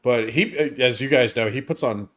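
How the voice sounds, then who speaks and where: A man of middle pitch co-hosting a casual film review chat. He rambles along, hedging his points and filling them with "like.". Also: moderate pace, a bit bright. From United States. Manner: rambling, many "like"s.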